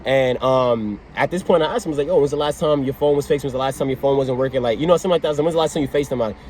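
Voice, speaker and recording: A young man vlogging a storytime, excitable and slang-heavy, acting out both sides of a conversation. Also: medium pitch, racing, slight background noise. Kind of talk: animated storytime vlog.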